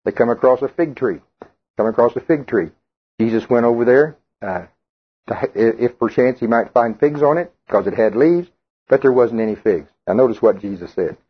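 A man's voice: mid-range voice, moderate pace, breathy edge, highs cut off. A man preaching a sermon who reads scripture aloud and then explains it conversationally, joking with the congregation. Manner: jokes with the congregation and calls on people by name.

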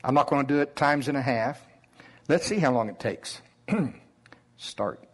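A man preaching a sermon in a slow Oklahoma drawl, deliberate and conversational. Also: medium pitch.

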